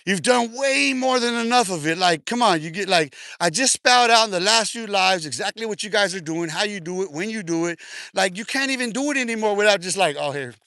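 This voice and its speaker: A man talks to his livestream while walking outdoors, audibly short of breath from the exercise. His voice sits high and sounds sharp and bright, with a dry, close sound. He teases and needles viewers in loose slang, breaking into laughter again and again. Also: no echo. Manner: taunting, slangy, laughs often. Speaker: livestream host. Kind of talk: casual live stream talk while walking.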